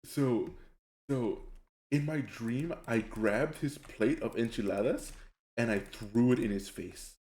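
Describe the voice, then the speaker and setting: A young man streaming a game, telling stories in a rambling, animated way and laughing often. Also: medium pitch, slow, reverberant. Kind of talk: casual chat while gaming.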